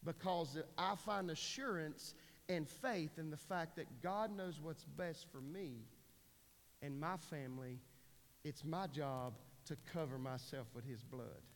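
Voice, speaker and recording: A man's voice: a little high, big-room sound, slight background noise. A pastor in his forties preaching a sermon in a church, talking in an earnest, folksy way with many restarts. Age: 40s. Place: church sanctuary.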